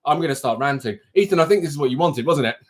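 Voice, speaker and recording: A man's voice: a little high, expressive, racing. A man who coaches people, hosting a live stream and frankly ranting straight to his viewers in casual chat.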